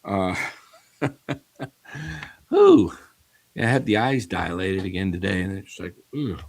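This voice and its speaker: A man's voice: sits low, normal speed. A man hosting a casual sports talk stream, rambling animatedly with many fillers and restarts. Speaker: sports show host. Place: home studio in Arizona.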